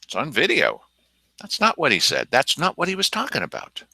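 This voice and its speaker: A man's voice: fairly high pitch, wildly swooping pitch, fairly quick, creaky, bright, forceful tone, dry recording, low-quality recording. A man hosting an opinionated news commentary, indignant and sarcastic, mocking the people he quotes. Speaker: news show host.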